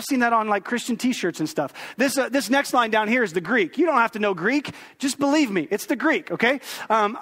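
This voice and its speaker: A man in his thirties preaches with a high, bright-pitched voice, keeping the sermon conversational and dropping joking asides to the congregation. His voice rings out with the long reverb of a church hall. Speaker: pastor. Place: church sanctuary.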